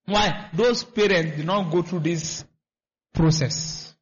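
A man's voice: sits high, slow. A man preaching a sermon, repeating himself and asking the congregation to finish his lines. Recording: dull lo-fi recording.

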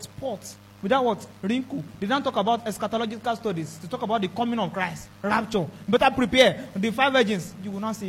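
A man's voice: high-pitched, animated, a little fast, slight background noise, rough recording. A man preaching a sermon with emphatic delivery, throwing call-and-response questions to the congregation. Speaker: pastor.

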